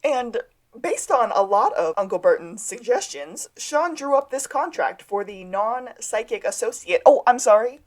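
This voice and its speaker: A woman co-hosting a podcast, casually recapping a TV episode and acting out its lines. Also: a little high. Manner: animated, acts out scenes with quick line readings. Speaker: podcast co-host.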